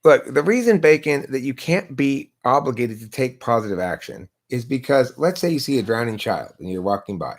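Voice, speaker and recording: A man's voice: mid-range voice, sing-song, a little fast, hardly any pauses. A man hosting a live stream, arguing points in a lecturing way and posing rhetorical questions to himself, speaking into a laptop. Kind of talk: casual philosophical debate.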